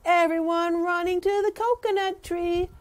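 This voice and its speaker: A woman teacher reading a picture book aloud to children in an animated, sing-song way, pausing to ask the listeners questions. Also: very high-pitched.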